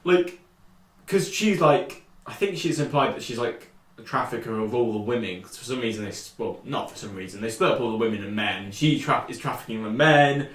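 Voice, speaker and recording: A British man co-hosting a podcast in casual chat, animated and rambling, jumping high when he quotes people. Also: a little fast. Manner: animated, rambling, shoots up in pitch when quoting. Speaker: podcast co-host. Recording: echoey room, off-mic.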